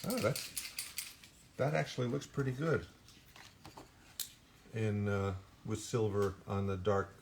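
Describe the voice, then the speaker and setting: A man's voice: fairly low pitch, takes it slowly, pauses often, background noise. An older man, a voice actor at an autograph signing, telling rambling stories in casual chat and often restarting his sentences. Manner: rambling anecdotes with frequent restarts and self-corrections.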